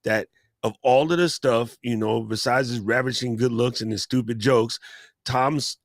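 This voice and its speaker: A man's voice: medium pitch, steady tone, normal speed, no echo, studio quality. A man chatting casually on a live stream, joking and laughing often as he talks about teaching and being yourself. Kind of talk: casual chat.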